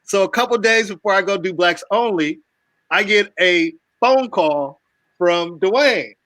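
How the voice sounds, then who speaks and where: A high, bright-toned American man hosts a relaxed online chat, telling lively stories with plenty of swearing and laughter. His voice is close and dry, with no room sound on the video call. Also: a little slow, dry recording, rough recording. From United States. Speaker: host. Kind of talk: casual storytelling chat.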